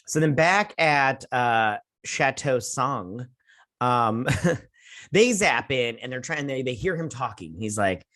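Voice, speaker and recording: This young man hosts a relaxed episode review, poking fun at the story and the characters' lines through snappy mock voices and sarcastic summaries. He speaks at a medium pitch with a fairly bright tone.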